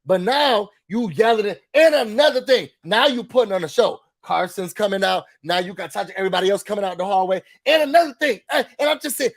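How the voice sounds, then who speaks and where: A man's voice: high-pitched, animated, a little fast. A man giving a casual recap rant as a YouTube reality TV commentator, emphatic and venting frustration, repeating his points.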